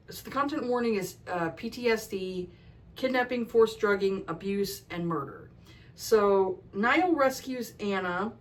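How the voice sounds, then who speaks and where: A woman's voice: medium pitch, rough recording. Chatty swearing woman reviewing books. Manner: chatty, frank, swears freely, ranting; frequent "like" fillers. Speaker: book reviewer. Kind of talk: casual book review vlog.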